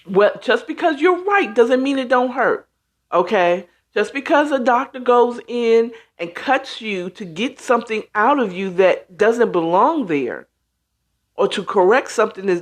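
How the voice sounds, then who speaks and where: Animated woman talking slowly and expressively. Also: on the high side. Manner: emphatic, conversational, acts out quoted reactions. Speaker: host. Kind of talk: casual talk show monologue.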